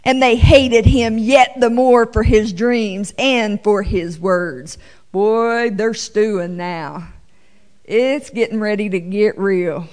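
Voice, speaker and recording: A woman teaching the Bible to her congregation, reading scripture with slow emphasis and adding playful, animated asides. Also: mid-range voice. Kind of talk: sermon-style Bible teaching.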